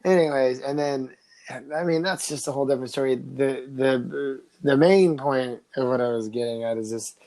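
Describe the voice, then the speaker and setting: A man's voice: mid-range voice, normal speed, dark tone, poor audio. Rambling young man telling a story. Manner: rambling, full of fillers and restarts, swearing. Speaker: podcast co-host. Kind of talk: casual storytelling chat.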